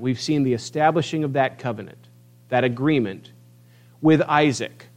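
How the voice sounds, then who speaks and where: A man preaching a sermon, emphatic, swinging between quiet asides and loud declarations as he reads scripture. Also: medium pitch, normal speed. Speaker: pastor.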